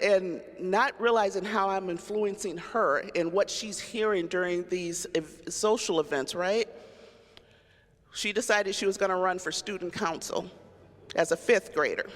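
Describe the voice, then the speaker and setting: A middle-aged woman speaks candidly as a county sheriff, telling personal stories with animated delivery. She acts out the people she quotes. Her voice carries a long, ringing reverb from a large cathedral. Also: on the low side. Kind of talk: personal storytelling speech.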